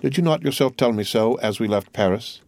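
A man voicing a grief-stricken young man, speaking low and mournfully. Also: a little fast, darkish tone, no echo, close to an everyday voice. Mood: despairing.

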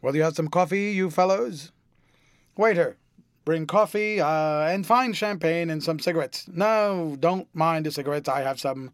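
A man voicing a witty, cynical aristocratic gentleman who drawls out airy, amused epigrams in an audiobook reading. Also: fairly high pitch, moderate pace, hardly any pauses, dry recording, studio quality, close to an everyday voice. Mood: lively.

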